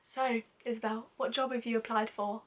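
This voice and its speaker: A woman's voice: fairly high pitch, level tone, normal speed, recorded from a distance, close to an everyday voice. Woman mimicking a posh male store manager; formal, clipped politeness. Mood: stiff politeness.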